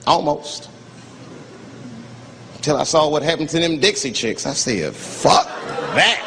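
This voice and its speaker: A man doing a stand-up comedy routine on stage, telling animated stories and jumping into loud, high voices for the people in them. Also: a little slow, in a large hall. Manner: animated storytelling with shouted, high put-on voices. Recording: live stand-up with noisy crowd ambience. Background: audience laughter.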